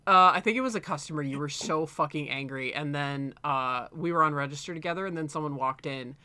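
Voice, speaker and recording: A man's voice: on the high side, a little fast, bright, forceful tone, no room sound. A man co-hosting a stream, chatting casually, rambling with frequent laughter and swearing. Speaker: streamer co-host. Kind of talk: casual chat.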